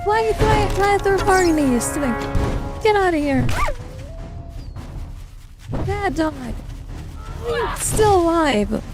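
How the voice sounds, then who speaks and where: A woman streamer reacting to a game as she plays, swearing constantly and yelling at enemies. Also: very high voice, animated, slow pace, pauses often, over music. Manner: profane, yelling, reacting loudly. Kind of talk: live gameplay commentary.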